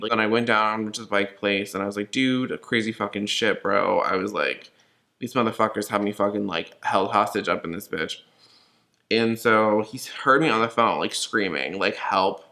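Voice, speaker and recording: A man's voice: lowish voice, creaky, pushed and bright. A young man from California, shaken and upset, telling a personal story in a casual, profane, rambling way full of fillers. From Los Angeles.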